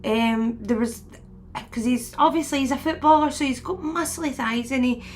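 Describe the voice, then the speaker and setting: Speaking at a moderate pace in a high voice, a spiritual medium host in her forties rambles casually to her viewers. She laughs frequently while retelling conversations, and the audio carries a little hiss or hum.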